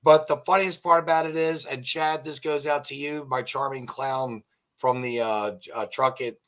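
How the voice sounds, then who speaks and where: A man's voice: medium pitch, steady tone, normal speed, a bit bright. A middle-aged man hosting an interview, chatting casually and telling long rambling jokes and stories. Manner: rambling joke-telling storyteller. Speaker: host.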